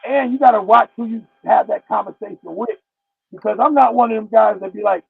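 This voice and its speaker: Gravelly high-voiced man on a tinny line. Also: a little fast, no echo. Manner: blunt street talk, acts out voices in stories. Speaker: podcast guest. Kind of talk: casual chat. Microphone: no headphones, sounds like phone or distant mic.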